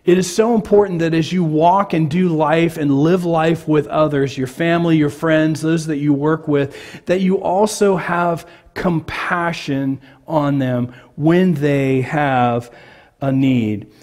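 A man's voice: on the high side, steady tone, takes it slowly, darkish tone. A man from California preaching a sermon as pastor, talking conversationally and asking the congregation questions.

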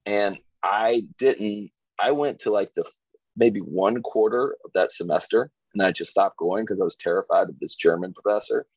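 A man's voice: fairly low pitch, moderate pace, darkish tone, husky, no echo, lo-fi sound. A man from Virginia in his forties, a podcast guest telling stories in a laid-back way, full of "like" and "you know". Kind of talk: casual chat.

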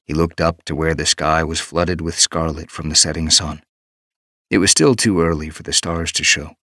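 Low male narrator, steady measured read, dead-dry booth. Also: dry recording. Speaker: audiobook narrator. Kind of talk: scripted narration.

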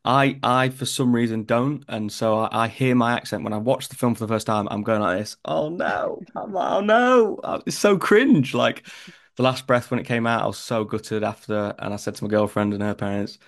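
A young man from northern England with a Northern English accent, an actor chatting in an interview and telling stories in a lively way. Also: lowish voice, a little fast. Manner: chatty, animated storytelling. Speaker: actor guest. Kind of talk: casual interview chat.

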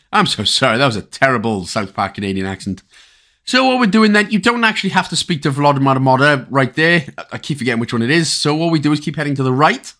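Lively Welsh man narrating gameplay. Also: a little high. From Wales. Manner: chatty, rambling asides and jokes. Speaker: game walkthrough host. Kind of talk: casual gameplay commentary.

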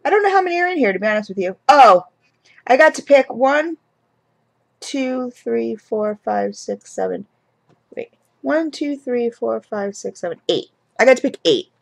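A woman's voice: fairly high pitch, lively intonation, normal speed, gravelly. Chatty woman rambling through a haul. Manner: chatty, rambling, many fillers and restarts. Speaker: vlogger reviewing candle products. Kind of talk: casual haul review.

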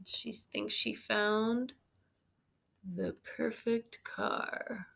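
A woman teacher reading a picture book aloud to students and pausing to ask them gentle questions. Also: fairly high pitch, steady tone, gravelly.

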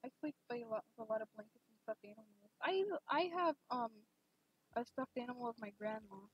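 A young woman streaming a game, chatting casually and rambling with lots of fillers, gushing excitedly at times. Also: a little high, fairly quick, slightly rough. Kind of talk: casual live-stream chat. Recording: dull lo-fi stream mic.

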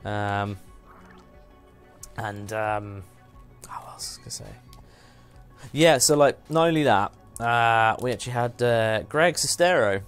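A man's voice: medium pitch, animated, a little slow, long pauses, fairly bright tone, clean tone, soft background music. A man hosting a live game stream, rambling through a story with frequent laughs and self-deprecating asides. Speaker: streamer host. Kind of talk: casual live-stream chat while gaming.

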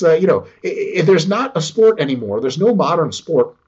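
A man talking as a guest expert in a casual, profane, animated way, acting out quotes as he explains. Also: a little high, moderate pace, husky. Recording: dull lo-fi sound.

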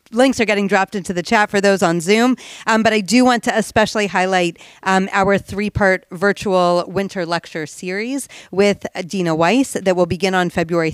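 A man's voice: high voice, dry recording. A man hosting an event who closes it with polite thanks and announcements about upcoming classes. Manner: smooth, polite, scripted-sounding. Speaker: event host.

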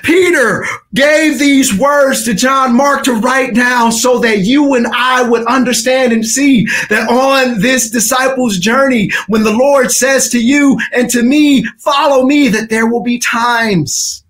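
A male pastor giving a dramatic sermon, swinging from shouting to hushed passages. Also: very high voice, slow, hardly any pauses, a little hiss or hum.

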